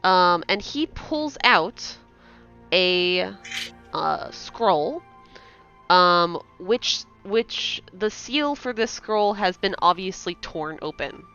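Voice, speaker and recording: A woman narrating a tabletop game as game master, pausing often with fillers. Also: lowish voice, animated, bright, forceful tone, soft background music. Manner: hesitant with many fillers. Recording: dull lo-fi sound.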